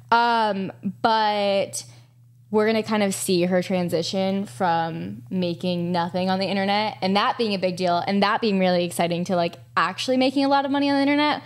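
A woman's voice: mid-range voice, normal speed. A woman host reading text messages aloud and breaking off for casual commentary, full of "like" and "um". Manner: casual, with many fillers like "like" and "um".

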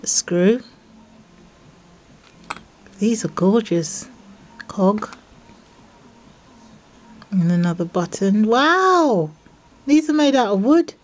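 A woman showing off craft mail from friends, gushing and excitable, with gasps and breathy whispered exclamations. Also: medium pitch, takes it slowly, pauses often. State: unwell. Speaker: craft vlogger opening mail from viewers. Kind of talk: casual unboxing vlog.

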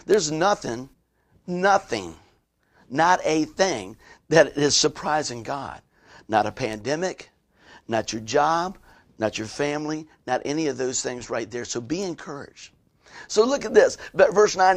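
A man preaches in a lively, conversational way. His voice sits a little higher than most men's. He keeps turning to his listeners with asides as he works through the passage. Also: moderate pace. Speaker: pastor. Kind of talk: sermon.

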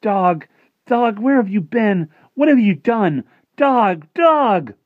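A man's voice: low voice, steady tone, slow, no echo. A man voicing a desperate young boy pleading for his lost dog to come home. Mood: crying out. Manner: pleading, rising to cries. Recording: dull lo-fi dry recording.

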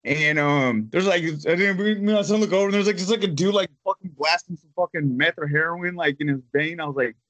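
A man's voice: a little high, fast, hardly any pauses, fairly bright tone. A man, telling a rambling, profane story in casual chat with lots of fillers. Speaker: podcast host.

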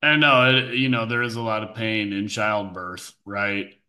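A man's voice: fairly low pitch, steady tone, measured pace, pushed and bright. A man reacting to a video with sarcastic, incredulous commentary. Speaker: commentary host.

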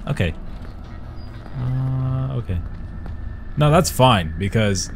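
A young man giving excitable let's-play commentary, swearing and yelling at the game as he plays. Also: mid-range voice, slow pace, creaky, a little hiss or hum. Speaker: gaming YouTuber. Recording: game music playing behind.

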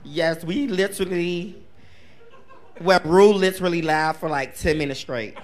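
A man's voice: a little high, unhurried, slight background noise. A man on a drag panel, giggling as he recalls a story. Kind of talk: casual panel chat.

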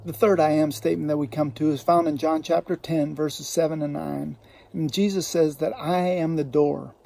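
Gravelly warm-voiced male pastor preaching. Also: a little high, fairly even intonation. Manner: earnest preaching, slowing to stress scripture quotes. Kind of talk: sermon. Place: church.

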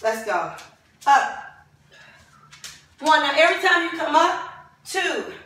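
A high-voiced woman runs a home workout class, counting reps and urging everyone on while she exercises and gets winded. She speaks slowly and brightly. The sound is very echoey, and she is some way from the mic. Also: sing-song, recorded from a distance. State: out of breath during exercises. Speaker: fitness instructor. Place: home room with dogs.

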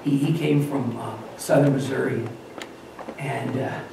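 A man's voice: medium pitch, fairly even intonation, unhurried, gravelly, far from the mic. A man who is a pastor from Wyoming and North Dakota, giving an informal sermon in a conversational way, often restarting his sentences. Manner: conversational, self-interrupting, acts out quotes. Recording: very echoey room, voice from afar, faint noise.

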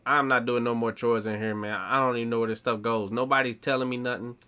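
Young male streamer, bright voice, slangy casual commentary. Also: medium pitch, fairly even intonation, fast talker, clean tone. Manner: slangy, talks back to game characters. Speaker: gaming streamer.

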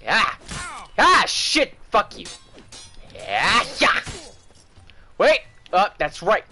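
Male gaming streamer, slow-talking, animated pitch, swears and shouts at the screen, stammers when rattled. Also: a little hiss or hum. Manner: loud, profane trash talk at the game, yelling in bursts. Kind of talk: live gameplay commentary.

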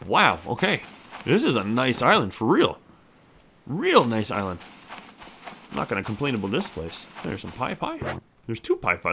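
Young male gamer, lively pitch, chatty self-talk, faint clicking behind. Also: moderate pace, gravelly, long pauses, slight background noise. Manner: animated, talks to himself and the game character. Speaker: gameplay commentator. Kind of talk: let's play commentary.

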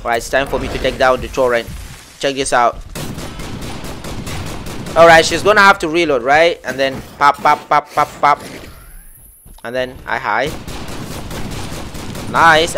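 A man giving excitable live gameplay commentary, talking to himself and his viewers with frequent exclamations. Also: medium pitch, normal speed, long pauses, a little hiss or hum. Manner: excitable, lots of exclamations and self-talk. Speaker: gameplay streamer.

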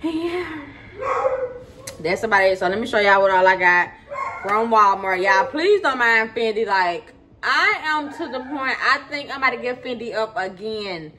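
At home in her kitchen, a woman vlogs to camera, chatting casually with viewers and repeating points for emphasis. Her voice is fairly high, animated and sharp, her pace unhurried, and the home recording is noisy.

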